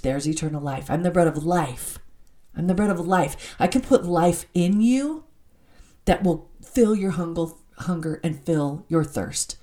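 Excitable woman teaching the Bible. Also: lowish voice, a little slow. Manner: animated, excitable, laughs while reading. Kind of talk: Bible teaching with scripture reading.

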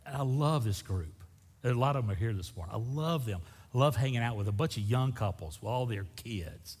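A middle-aged male pastor with a slightly husky voice delivers a sermon, leaning hard into emphatic bursts and then dropping to quiet asides. His voice rings through a church sanctuary with a long hall reverb trailing after each phrase. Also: medium pitch, animated, a little fast. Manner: emphatic, swinging from loud bursts to soft asides.

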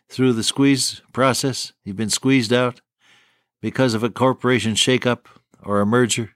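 An older man giving a radio sermon in a gentle, pastoral tone, speaking right to the listener. The sound is close and dry, with no room echo. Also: medium pitch. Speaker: radio preacher.

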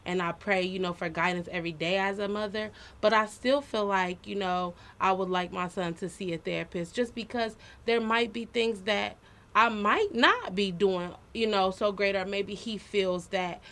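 A woman in her thirties talking in a relaxed, heartfelt way on a podcast. She speaks earnestly and often fills her pauses with "you know.". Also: medium pitch. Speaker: podcast co-host. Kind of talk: casual personal chat.

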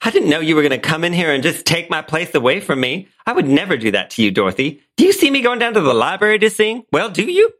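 A man's voice: fairly high pitch, very animated, fast, few pauses, fairly bright tone, pitched above the performer's own voice. A man doing a vain, gushing older woman. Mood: indignant. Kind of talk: comic scene reading.

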